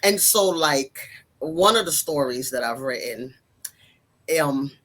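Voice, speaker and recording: Casting: middle-aged woman counselor, animated storyteller in a casual interview. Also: rumbling low, takes it slowly. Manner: animated storyteller acting out family quotes. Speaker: guest counselor and author.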